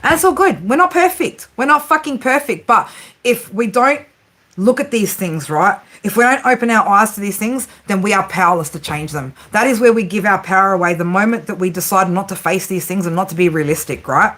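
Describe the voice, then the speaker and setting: A woman's voice: medium pitch, lively intonation, fairly quick, a bit bright. Chatty, blunt woman giving a tarot reading. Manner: chatty and blunt, swears freely, laughs often, tags lines with "right?". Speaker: tarot reader and psychic. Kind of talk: casual spoken tarot reading to camera.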